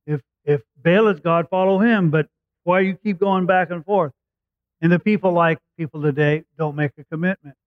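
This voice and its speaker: A man preaching, his voice sitting a little high. He retells a scripture story conversationally and acts out the quotes. The sound is tinny, like a phone line, and dry. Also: normal speed, no echo. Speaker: pastor. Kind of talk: sermon storytelling.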